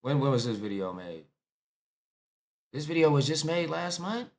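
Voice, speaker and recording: Animated American man reacting to clips. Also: a little high, normal speed. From United States. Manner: animated, playful, talks to viewers as y'all. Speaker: reaction video host. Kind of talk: casual reaction commentary.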